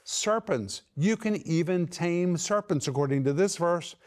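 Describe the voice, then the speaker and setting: Middle-aged male preacher, fairly high voice, emphatic delivery that stretches out key words. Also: a little slow, a little mellow. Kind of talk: sermon.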